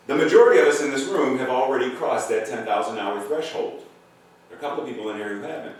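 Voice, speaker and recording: A man delivers a sermon in a church sanctuary, pressing his points with sudden loud emphasis and then quiet, drawn-out endings. He is picked up from a distance, so a heavy, lingering echo and faint background noise surround his mid-pitched voice. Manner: emphatic, swings between loud declarations and hushed lines. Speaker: guest minister. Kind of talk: sermon with storytelling. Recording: very echoey hall, voice from afar, faint noise.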